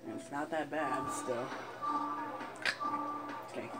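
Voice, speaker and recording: A man playing a video game, commenting as he plays, often frustrated, swearing, laughing and yelling at the game. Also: mid-range voice, steady tone, takes it slowly, rough recording. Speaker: gaming YouTuber. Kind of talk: let's play commentary. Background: game music.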